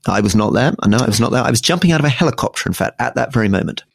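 A middle-aged man co-hosting a political podcast, explaining current affairs in a measured way with frequent restarts. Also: medium pitch, expressive, gravelly, slightly rough, no echo, clean studio sound. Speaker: podcast co-host. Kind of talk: casual political discussion.

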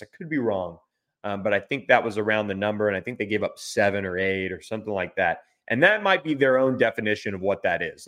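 A man's voice: on the low side, a bit bright. A man, a sports reporter guesting on a podcast, giving casual unscripted analysis while thinking aloud, with frequent restarts and fillers.

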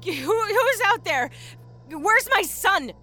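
A woman's voice: very high voice, animated, takes it slowly, bright, forceful tone, soft background music, voice pushed up, exaggerated voice. A woman voicing a frightened young mother calling for her lost son in a frantic, pleading way.

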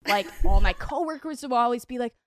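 A woman guest on a podcast, telling a story in animated casual chat, filling it with "like". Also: on the high side, a little fast, slight background noise.

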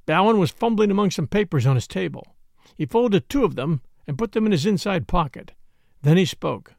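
A narrator reads a classic story aloud for an audiobook at a measured pace, animated in delivery. His high, gravelly voice ranges widely in pitch, recorded close and dry with no room sound.

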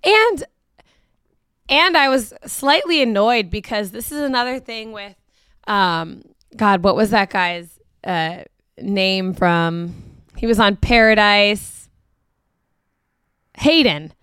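A woman's voice: medium pitch, lively intonation, takes it slowly, pauses often, fairly bright tone, smooth, no room sound. A woman co-hosting a casual podcast, chatty and frank, quoting others with amused asides. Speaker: podcast co-host. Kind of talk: casual chat recapping a reality show.

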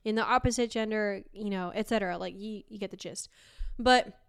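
A woman's voice: medium pitch, brisk, clean tone, no echo, studio quality. A young woman from Argentina co-hosting a podcast, chatting casually, laughing often and swearing freely as she tells stories. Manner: giggly, storytelling, swears casually. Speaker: podcast co-host. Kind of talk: casual chat.

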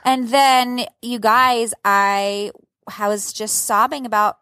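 A woman's voice: fairly high pitch, steady tone, slow, bright, forceful tone, clear, resonant tone, no room sound. A woman in her thirties telling a dramatic, profane story as a podcast co-host. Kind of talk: casual chat.

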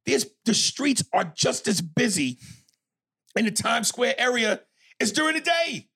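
This podcast co-host from New York works through a lengthy story in an animated, easygoing rhythm, cursing freely and acting out quotes. His voice is very high-pitched yet gravelly and husky with a slightly rough edge, his pace is measured, and there's no room sound.

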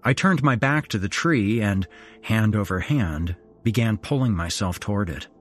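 A man's voice: lowish voice, normal speed. A man reading a first-person horror story in dramatic scripted narration. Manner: dramatic, expressive. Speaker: horror podcast host.

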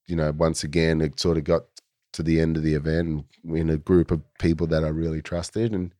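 A man's voice: extremely low pitch, flat delivery, brisk, dark tone, no echo, studio quality. An Australian man in his forties, a guest telling stories in a laid-back, rambling way with plenty of fillers. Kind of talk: casual storytelling.

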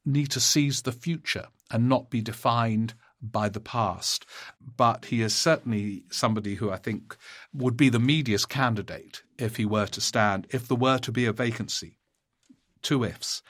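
A male podcast host with a mid-range voice talks through political questions and reads out listener emails. His delivery is measured and deliberate, with frequent small pauses as he gathers his thoughts. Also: medium pitch, a bit bright.

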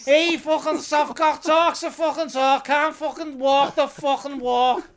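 A man's voice: very high voice, fairly even intonation, measured pace. A man putting on a foul-mouthed, angry Liverpool man with a Scouse accent, ranting and taunting in a comic podcast impression. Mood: sweary ranting. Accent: put-on Scouse.

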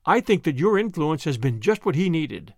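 A man's voice: a little high, big pitch swings, normal speed, a little mellow, no room sound, clean studio sound. A man reading as a hearty, earnest father. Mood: grateful. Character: warm, weary middle-aged father.

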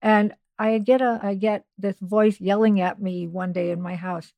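A woman's voice: mid-range voice, normal speed, hardly any pauses, mellow, no echo. A middle-aged woman, a podcast guest, telling a personal story in a chatty way with many asides and restarts. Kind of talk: casual storytelling.

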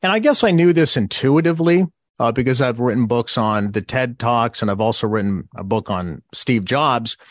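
A man's voice: medium pitch, normal speed, no room sound, studio quality. A man who is an author, giving a podcast interview and explaining his points with emphasis, acting out the phrases he quotes.

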